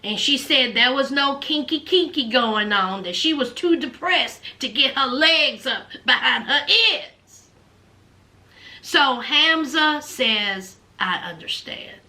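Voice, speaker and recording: A woman's voice: high voice, lively intonation, takes it slowly, sharp tone. Sassy woman recapping a show. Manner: chatty, sassy storytelling. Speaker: vlogger. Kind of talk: casual reality-show recap.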